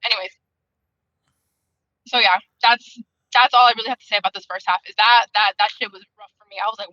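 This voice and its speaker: A woman's voice: on the high side, lively intonation, fast talker, pauses often, bright, forceful tone, no echo, lo-fi sound. A woman in a casual book club chat on a video call, venting in a heated, profane, rambling way.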